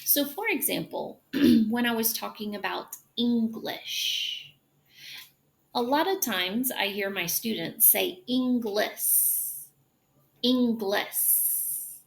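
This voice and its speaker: A woman teaching English pronunciation, demonstrating sounds slowly and drawing out hushing noises. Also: fairly high pitch, expressive, creaky. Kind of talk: pronunciation lesson.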